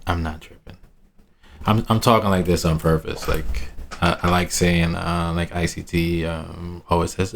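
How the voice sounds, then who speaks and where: Deep gravelly man, rambling to himself. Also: fairly even intonation, unhurried, slight background noise. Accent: American urban slang. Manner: playful, laughs at his own asides. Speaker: trading analyst. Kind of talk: casual screen-share market review.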